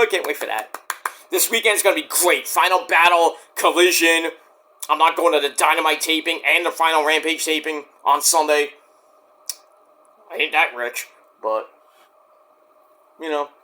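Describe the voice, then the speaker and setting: A man with a high voice delivers a rambling solo vlog. His tone is bright and forceful, and he talks bluntly and defiantly, swearing freely. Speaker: vlogger. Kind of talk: casual rambling monologue.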